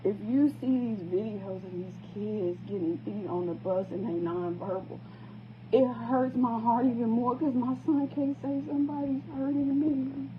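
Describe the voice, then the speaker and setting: Speaking at a moderate pace, a woman with a slightly high voice begs and repeats herself to camera as a distraught parent. The tinny phone-quality recording picks up background noise.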